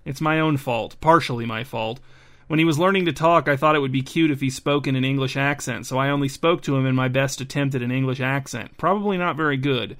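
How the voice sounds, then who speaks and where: A man's voice: medium pitch, brisk, fairly bright tone, close to an everyday voice. A man voicing a frazzled, talkative middle-aged mother who rambles, apologizes and over-explains, raising his voice for her. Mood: rambling.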